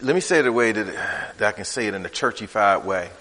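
A man preaching a sermon in a conversational style, swinging from loud, high bursts to low, quiet asides. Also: expressive, fast. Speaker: pastor. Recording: reverberant hall.

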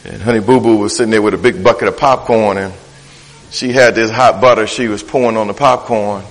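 A man's voice: on the low side, fairly even intonation, brisk, big-room sound, low-quality recording. A man preaching a sermon, with a rhythmic, playful preacherly delivery that repeats words for emphasis. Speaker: pastor. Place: church.

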